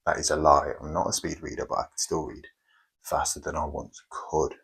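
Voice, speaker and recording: A man hosting a motivational self-help video, speaking slowly and emphatically with dramatic pauses and tongue-in-cheek grandeur. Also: extremely low pitch, level tone, gravelly, a bit bright, husky, poor audio. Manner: slow, deliberate, emphatic delivery with dramatic pauses. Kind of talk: motivational monologue.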